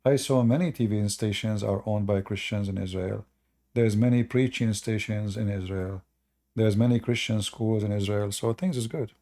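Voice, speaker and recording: A man's voice: fairly low pitch, steady tone, normal speed, warm tone. A man talking casually as a religious commentator, answering viewer questions in a rambling way with many fillers. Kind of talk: casual livestream chat.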